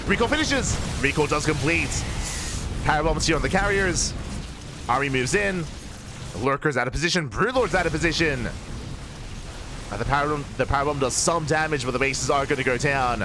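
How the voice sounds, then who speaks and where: A man casting a live strategy game match with quick play-by-play, breaking into excited shouts at big plays. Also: mid-range voice, background noise. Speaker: esports caster.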